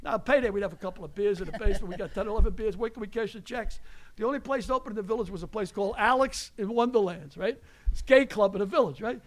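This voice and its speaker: A man's voice: high voice, fast talker. An older man with a New York accent, a guest comedian telling brash, profane stories. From New York, the Bronx. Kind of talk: raucous comedy storytelling.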